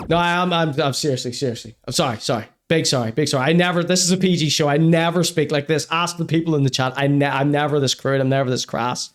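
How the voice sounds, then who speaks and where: A man with a voice pitched a bit above the usual male range rants crudely and with mock seriousness on a live-streamed comedy show. He swings into over-the-top apologies and then carries on reading out the chat. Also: brisk, slight background noise. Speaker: podcast host.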